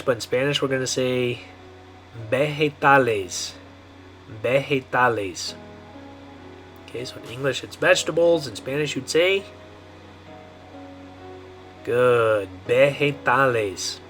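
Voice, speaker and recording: A man teaching a pronunciation lesson, who talks patiently and repeats each word slowly with a frequent "okay". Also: mid-range voice, soft background music. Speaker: Spanish teacher. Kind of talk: language lesson.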